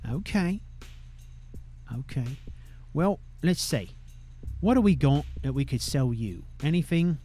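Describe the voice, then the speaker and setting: A man's voice: on the high side, expressive, slow pace, dark tone, faint music behind. Profane young man commenting on gameplay. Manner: profane, ends sentences with "eh?". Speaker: gamer.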